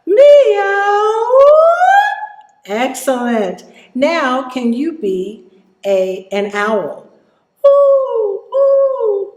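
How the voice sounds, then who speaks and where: A woman teaching children a vocal warm-up, encouraging them and demonstrating exercises. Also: a little high, roomy sound, lo-fi sound. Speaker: music teacher.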